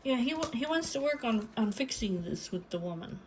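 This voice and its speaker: Higher-voiced woman doing a tarot reading, halting and searching, faint room ambience behind. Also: animated, background noise. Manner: halting, searching for words, many restarts; speaks lines as if voicing someone else. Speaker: tarot reader.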